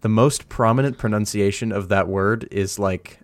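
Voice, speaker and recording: Young male podcast co-host, low voice, dry close sound, rambly and enthusiastic. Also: fairly even intonation, moderate pace, no echo. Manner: enthusiastic, rambling, laughs often. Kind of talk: casual chat.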